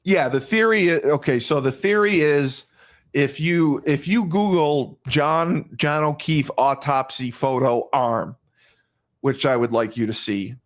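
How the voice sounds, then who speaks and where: A man's voice: a little high, unhurried. Emphatic man retelling a crime case. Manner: emphatic, repeats phrases, many restarts. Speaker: podcast host. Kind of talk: casual true-crime retelling.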